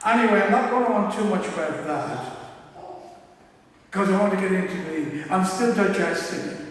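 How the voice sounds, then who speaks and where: High-voiced man preaching in an echoey church. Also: normal speed. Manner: chatty, self-deprecating, chuckles at his own jokes. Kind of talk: anecdotal sermon. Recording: echoey church hall from far off.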